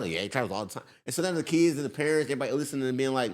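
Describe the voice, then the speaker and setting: A male comedian in casual podcast chat, laid-back, jumping into high-pitched impressions of people. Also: animated, racing, darkish tone.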